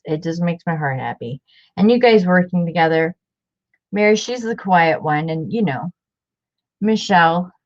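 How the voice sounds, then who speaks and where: A woman hosting a casual craft livestream, chatting warmly and rambling, repeating herself as she works. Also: fairly low pitch, highs cut off.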